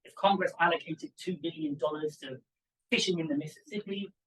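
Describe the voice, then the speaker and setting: A young man, a PhD student, giving an academic conference talk in an animated, emphatic way with asides to the audience. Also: a little high, fairly quick, recorded from a distance, low-quality recording. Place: conference room.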